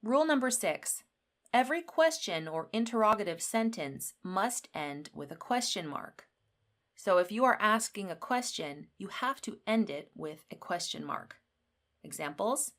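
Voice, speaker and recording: A woman teaches an English grammar lesson, explaining rules slowly and clearly and giving example sentences lively emphasis. Her voice is medium in pitch.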